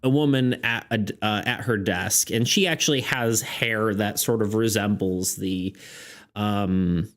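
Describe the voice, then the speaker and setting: A man's voice: lowish voice, unhurried. A man running a tabletop game on stream, describing scenes in a loose, rambling way and laughing often. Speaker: game master.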